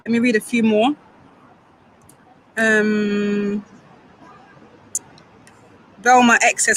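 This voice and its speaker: A woman's voice: a little high, little pitch movement, extremely slow, pauses often, fairly bright tone, slight background noise, rough recording. A young woman from the Caribbean, reading viewers' comments on a live stream outdoors and answering them with playful banter. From Grenada and Saint Vincent. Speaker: football fan streamer. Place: outdoors near a football stadium.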